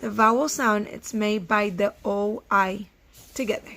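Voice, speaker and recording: A woman's voice: medium pitch, steady tone, unhurried, fairly bright tone, a little hiss or hum. A woman teaching a recorded phonics lesson to first graders, patiently sounding out words letter by letter and praising the children.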